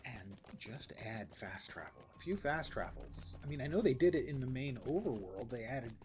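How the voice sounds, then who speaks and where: A man's voice: mid-range voice, slight background noise. A middle-aged man streaming a game, thinking aloud in a musing, wry, rambling way with sighs. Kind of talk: casual gameplay commentary, thinking aloud.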